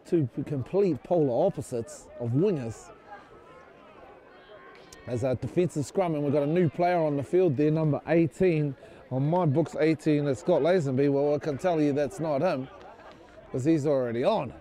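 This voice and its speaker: High-voiced New rugby commentator. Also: male voice, moderate pace, warm tone. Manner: rambling and jokey, often unsure of player names. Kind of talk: casual sideline sports commentary. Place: outdoors at a club rugby ground.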